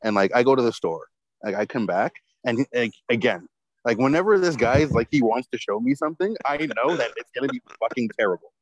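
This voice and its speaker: A man's voice: mid-range voice, animated, fairly quick, no echo, low-quality recording. Swearing man telling a rambling story. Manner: rambling, heavy swearing, lots of fillers. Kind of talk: casual storytelling chat.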